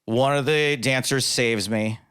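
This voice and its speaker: Man telling animated comic anecdotes. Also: mid-range voice, a little slow, clear, resonant tone. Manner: animated, self-deprecating anecdotes with voiced quotes. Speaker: podcast guest, comedian and poker commentator. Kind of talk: casual storytelling interview.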